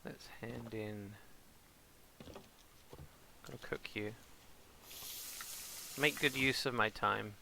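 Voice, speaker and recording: Speaking slowly with long pauses, a creaky, fairly low-pitched man keeps his intonation fairly even while background noise runs behind him. The adult British gamer from England has a son and streams from a home green-screen setup. His commentary is casual and rambling, and he often addresses the game's characters.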